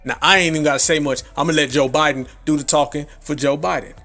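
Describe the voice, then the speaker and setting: A man hosts a live commentary stream in a brash, foul-mouthed style and often laughs at his own jokes. His voice sits a little high for a man. Faint music plays under his talk. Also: steady tone, fast talker, pushed and bright. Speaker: livestream commentary host.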